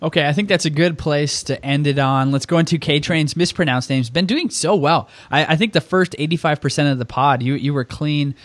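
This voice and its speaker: A man's voice: on the high side, fairly quick, hardly any pauses, no echo. Teasing man hosting a podcast. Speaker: podcast host. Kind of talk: casual sports podcast chat.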